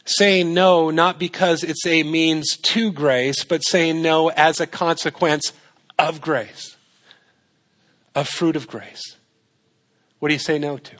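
His voice is on the high side and a bit bright, with fairly even intonation and a slow pace. The pastor preaches in a chatty manner, asking rhetorical questions and restating points to stress them.

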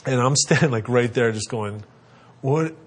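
A man in his thirties, a father, casually telling family stories and giving parenting advice, acting out his kids in high squeaky voices. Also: moderate pace, husky. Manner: animated, acts out kids' voices in a high pitch.

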